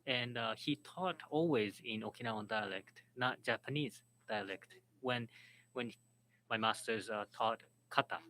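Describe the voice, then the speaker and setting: A man moderating and interpreting at a symposium, speaking haltingly and restarting words. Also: medium pitch, sharp tone, a little hiss or hum, low-quality recording. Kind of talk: symposium panel talk.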